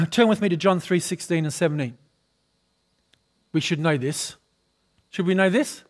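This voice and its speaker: Slow, high-voiced male preacher. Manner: calls for responses from the congregation, often asks questions; clears throat often. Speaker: pastor. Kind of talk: sermon.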